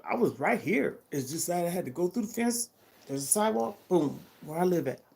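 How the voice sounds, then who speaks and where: A woman's voice: fairly low pitch, sing-song, brisk, vocal fry, darkish tone. An older woman talking to her vlog audience in a heartfelt, emphatic way, often checking in with her listeners. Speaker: vlogger. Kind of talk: casual personal vlog chat.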